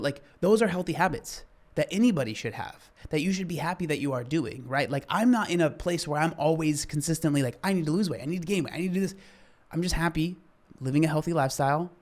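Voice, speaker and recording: A man reacting to a video clip with casual fitness commentary, earnest and quick to get worked up, then apologizing. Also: a little high.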